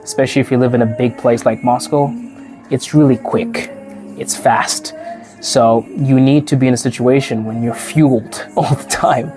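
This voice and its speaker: A man's voice: medium pitch, fairly even intonation, moderate pace, music in the background. A man from Africa who hosts a podcast, chatting casually to the camera, laughing often and acting out the people he quotes. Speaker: podcast host and teacher.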